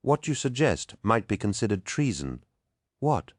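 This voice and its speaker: A man's voice: on the low side, big pitch swings, measured pace, no room sound, clean studio sound, pitched above the performer's own voice. A man doing a solemn, insistent warrior captain. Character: solemn stubborn male space warrior captain.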